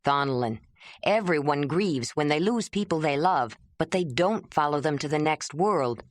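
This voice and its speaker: A woman's voice: deep voice, lively intonation, moderate pace, dry recording, clean studio sound. A woman voicing an injured, protective older brother who pleads earnestly in an audiobook. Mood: pleading. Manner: pleading, urgent.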